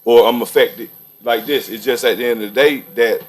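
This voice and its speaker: A man's voice: medium pitch, steady tone, a little fast. A man co-hosting a barbershop-style podcast, rambling through his point with lots of fillers. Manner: rambling, many fillers, thinks out loud. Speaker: podcast co-host. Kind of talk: barbershop debate.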